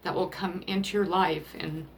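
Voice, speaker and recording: A woman doing a spiritual card reading, emotional and rambling, often pausing to apologize as she talks to the listener about love. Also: lowish voice, steady tone, a little hiss or hum. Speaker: tarot card reader.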